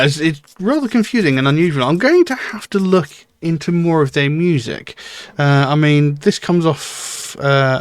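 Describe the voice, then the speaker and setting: A man of middle pitch talks through his thoughts on a song he has just heard. He muses out loud, pauses often and fills the gaps as he goes. The room sound is dry and close, with no echo. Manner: musing, thinks aloud with frequent fillers. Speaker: music reaction channel host. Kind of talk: casual spoken commentary.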